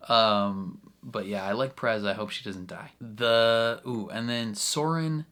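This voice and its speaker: A man's voice: on the low side, a little slow, a bit bright. A young man casually recapping a show episode, chatty, laughing often and full of fillers. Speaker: reaction video host.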